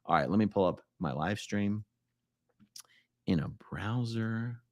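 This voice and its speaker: A man's voice: lowish voice, animated, takes it slowly, darkish tone, no echo. A man hosting a casual live stream, rambling and self-correcting as he reads viewer comments, often laughing.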